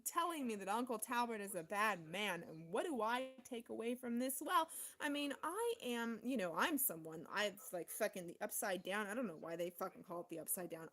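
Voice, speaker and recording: A woman talking in an unscripted personal vlog monologue. She rambles with heavy swearing and many fillers, swinging between low, fast murmuring and loud, intense outbursts. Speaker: vlogger.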